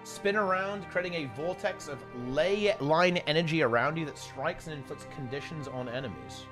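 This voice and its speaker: A man's voice: a little high, normal speed, music in the background. A man casting a live online game tournament in a chatty, rambling way, often correcting himself mid-sentence. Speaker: esports tournament commentator. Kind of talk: casual live game commentary.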